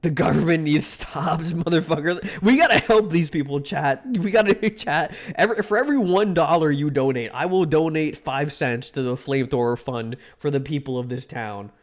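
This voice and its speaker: A man's voice: on the high side, normal speed, hardly any pauses. A young man streaming live, chatting casually with his viewers, rambling, joking and swearing freely. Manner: rambling, excitable, swears a lot, jokes to chat.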